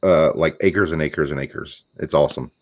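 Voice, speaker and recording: Low-voiced man with a Louisiana accent. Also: normal speed. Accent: southwest Louisiana. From southwest Louisiana. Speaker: guest. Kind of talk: casual interview conversation.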